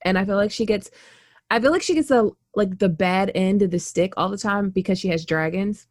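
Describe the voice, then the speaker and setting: A woman co-hosting a casual book-discussion podcast, talking in an animated, lively way, swearing freely and acting out lines from the story. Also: mid-range voice, a little fast, no room sound, studio quality. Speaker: podcast co-host.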